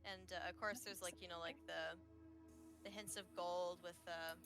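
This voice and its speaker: A woman's voice: lowish voice, steady tone, normal speed, a bit bright, faint music behind. A woman playing in a tabletop game, chatting casually and hesitantly, full of filler words. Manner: rambling, hesitant, heavy use of filler words. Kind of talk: casual chat.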